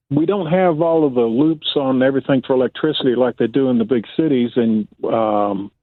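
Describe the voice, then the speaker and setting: A man's voice: mid-range voice, dry recording. Hesitant man on a tinny phone line. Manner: hesitant, many fillers. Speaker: caller. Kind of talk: call-in question.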